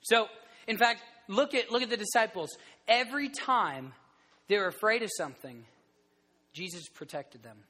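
A man in his thirties gives a sermon in a lively storytelling manner, often restarting his sentences. His voice sits high for a man and sounds bright. The sound rings with a long hall reverb. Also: moderate pace. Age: 30s. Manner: animated storytelling, rambling restarts. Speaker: preacher. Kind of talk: sermon to a group.

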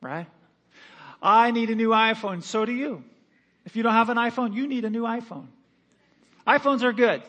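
A man's voice: extremely high pitch, moderate pace, long pauses, sharp tone. A male pastor preaching a sermon, emphatic, repeating phrases and calling on the congregation to respond.

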